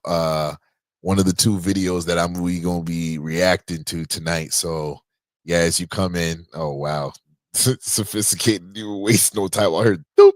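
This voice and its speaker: With a deep voice and no echo, a man from Canada hosts a livestream podcast from his home podcast room. The chat is loose, jokey, and full of slang.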